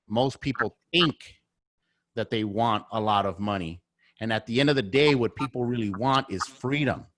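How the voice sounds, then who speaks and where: Heard in a clean studio recording with no echo, a man with a fairly low, slightly bright voice chats as a podcast guest. The real estate investor is blunt and profane, driving his points with repeated phrases.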